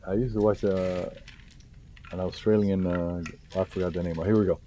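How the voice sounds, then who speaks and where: A man, a guest researcher on a podcast interview, reading case reports in a halting way with many fillers and restarts. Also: deep voice, little pitch movement, dark tone, slight background noise.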